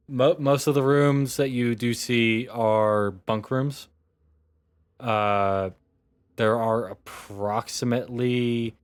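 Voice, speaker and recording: Slow-speaking man running a tabletop game. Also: lowish voice, clean tone, no echo. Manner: relaxed, rambling narration with fillers. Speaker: game master.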